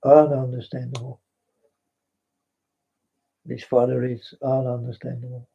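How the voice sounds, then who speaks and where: This vlogger is a native Dutch speaker with a Dutch accent, meandering in broken English through a spiritual monologue, saying things twice and hailing his folks. His mid-range voice barely moves in pitch and comes out unhurried, mellow, a bit rough, with vocal fry. The audio is dull and lo-fi.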